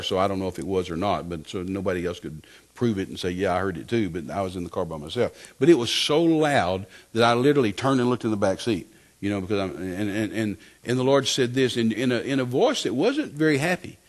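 Older preacher telling a testimony. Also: male voice, lowish voice, fast talker. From West Texas. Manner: animated storytelling, repeats phrases, acts out quotes. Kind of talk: sermon testimony.

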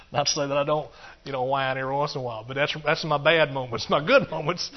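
The sermon comes from a man whose voice is a little high and steady in tone, moving a little fast. Rhythmic repetition builds as he punctuates it with hallelujahs, though the recording is muffled and dull.

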